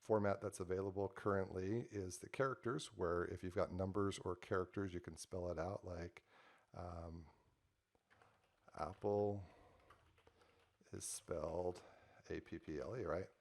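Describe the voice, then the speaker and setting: A man with a low, gravelly voice talks through a coding demo at his desk. His delivery is loose and conversational, full of ums and uhs as he types and explains each step. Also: steady tone, unhurried, long pauses. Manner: loose and conversational with frequent fillers. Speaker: software developer demoing a project. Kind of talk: casual screen-share tutorial.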